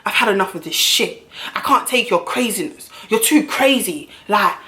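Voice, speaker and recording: A woman quoting her exasperated young boyfriend in a slightly lowered voice. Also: expressive, moderate pace, pushed and bright.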